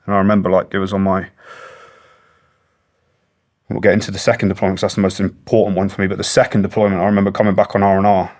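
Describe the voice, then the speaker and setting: Earnest, low-voiced British man. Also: level tone, fast, long pauses, a little mellow. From Britain. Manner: earnest and plain-spoken, swears freely. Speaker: guest, former special forces soldier. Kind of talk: long-form interview storytelling.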